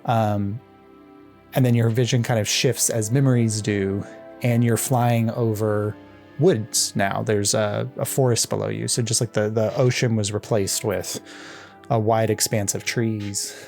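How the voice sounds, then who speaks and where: A man's voice: fairly low pitch, fairly even intonation, a little slow, creaky, darkish tone, faint music behind. A man narrating as game master of a tabletop game in a rambling, filler-heavy way. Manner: rambling narration with many ums and likes.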